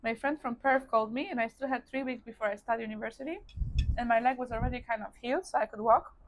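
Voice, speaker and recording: A woman with a Polish accent speaks a little high and fast, her intonation fairly even, with a slight hiss or hum behind her. The vlogger from Poland eats on camera indoors as she casually recounts a personal story, peppering it with "like" and calling viewers "guys."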